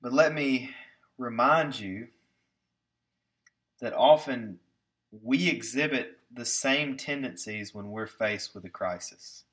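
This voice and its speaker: A man preaching a sermon with emphasis, slowing down to stress key words and putting rhetorical questions to his listeners. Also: medium pitch, a bit bright. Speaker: pastor.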